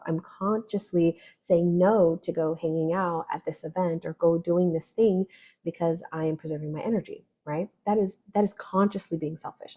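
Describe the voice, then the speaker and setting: Chatty woman astrologer, husky dark voice. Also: lowish voice, fairly even intonation, normal speed. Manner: chatty, frequent "right?" and "like". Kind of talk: casual spoken forecast. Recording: dull lo-fi audio.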